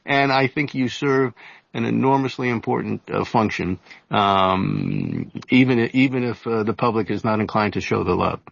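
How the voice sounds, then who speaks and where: A man in his seventies, an author and journalist giving an interview, telling stories in a halting way full of fillers and restarts. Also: medium pitch, vocal fry, dry recording, muffled recording. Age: 70s. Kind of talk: casual storytelling interview.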